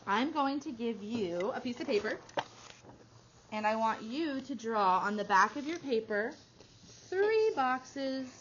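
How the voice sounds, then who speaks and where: A woman teaching a small phonics group, stretching out each sound slowly and praising the children often. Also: fairly high pitch, expressive, fairly bright tone. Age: adult. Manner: slow, drawn-out sounding out of words with encouraging praise. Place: classroom. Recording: dull lo-fi classroom recording with faint noise.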